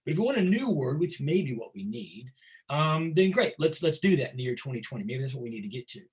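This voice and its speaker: A man's voice: mid-range voice, sing-song, quick pace, poor audio. A middle-aged man teaching a recorded history lesson in a casual, conversational way, often repeating words as he thinks and asking rhetorical questions. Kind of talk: lecture.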